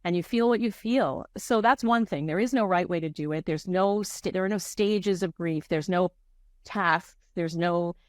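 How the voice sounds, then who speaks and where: A middle-aged woman with a somewhat low voice talks candidly about her work as a grief counselor. She searches for her words and often restarts her sentences. The sound is dry and close, with no room echo. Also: normal speed. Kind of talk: reflective interview answers.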